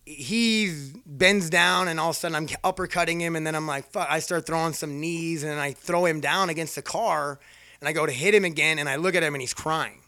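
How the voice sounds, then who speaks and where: A man's voice: on the high side, brisk, pushed and bright, dry recording, studio quality. A man casually telling a rambling personal story, swearing freely and poking fun at himself. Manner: profane, rambling, self-mocking.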